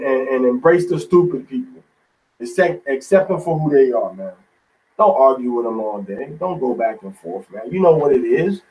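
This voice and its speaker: A man's voice: mid-range voice, a little mellow, distant mic, rough recording. A man teaching a Bible study in an informal, folksy sermon style, often tagging lines with "man".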